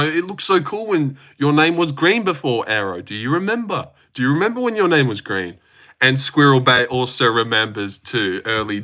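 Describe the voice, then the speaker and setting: Give me a bright, chatty man reading chat on his livestream. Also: mid-range voice. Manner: joking, chatty, reacts to chat messages aloud.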